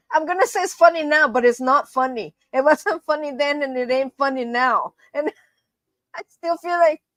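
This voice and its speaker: A woman's voice: high-pitched, moderate pace, a bit bright, dry recording. A woman hosting a casual live stream, chatty and laughing often as she talks to her viewers as friends.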